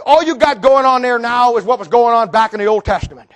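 Fiery man preaching a sermon in a very high voice, folksy and full of rhetorical questions, breaking into shouts. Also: fast.

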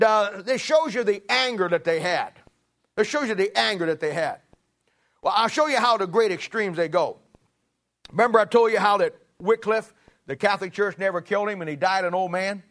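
Pastor, male, higher-pitched voice, folksy emphatic sermon delivery with rhetorical questions. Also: fairly bright tone.

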